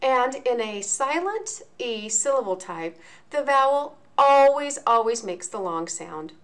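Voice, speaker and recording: A woman teaching a lesson in a video, explaining each point slowly and enunciating clearly. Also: a little high, animated, a bit bright. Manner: slow, deliberate, clearly enunciated.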